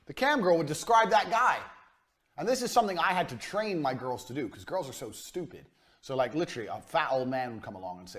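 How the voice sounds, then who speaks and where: Male business lecturer, crude and blunt, pitch swinging up and down, drives each point home by repeating it. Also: animated, a little fast, a bit bright. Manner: blunt, profane, hammering repetition. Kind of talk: business lecture to a live audience. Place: university lecture room.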